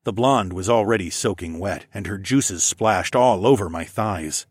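A man narrating an adult story in the first person, with a low, steady reading that livens up in his character's quoted lines. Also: unhurried, husky, dry recording, clean studio sound.

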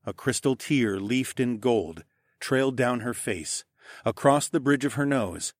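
A male narrator reads a first-person fantasy story expressively, at a middling pitch. He drops his voice low and soft for dialogue tags. The sound is dry and close to the mic. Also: expressive, measured pace, no room sound. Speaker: audiobook narrator.

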